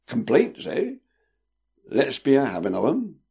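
A man's voice: medium pitch, huge pitch swings, measured pace, gravelly, mellow, breathy edge, voice pushed up, heavily acted. A man voicing a jovial, portly old ship captain with a teasing, old-fashioned way of speaking.

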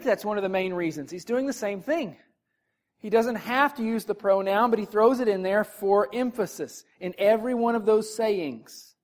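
Bible teacher going through verses, reads them out then explains, gets loud and emphatic on the big points, asks the room questions. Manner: reads scripture verses aloud between explanations; emphatic, rises in pitch and volume on key points.

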